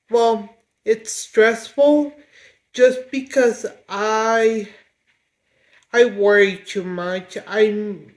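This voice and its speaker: Hesitant woman, slow emotional talk. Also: medium pitch, poor audio. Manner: hesitant, halting, many restarts and fillers. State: getting emotional. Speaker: vlogger. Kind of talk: emotional confessional vlog. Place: home.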